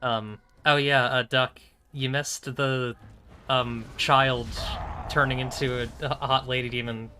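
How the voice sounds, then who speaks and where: A man's voice: medium pitch, flat delivery, takes it slowly, sharp tone. A young man streaming a video game, chatting casually, joking, laughing often and swearing. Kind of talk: live gaming commentary.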